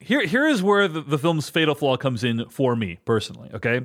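A man's voice: medium pitch, sing-song, a little fast, fairly bright tone. A man hosting a casual film discussion podcast, talking animatedly and acting out quoted lines. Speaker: podcast host.

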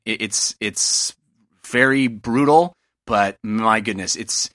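Calling in over Skype, this podcast host sounds glitchy and robotic, his lowish voice pushed and bright with no room sound and studio quality. His talk is casual, full of laughs and fillers.

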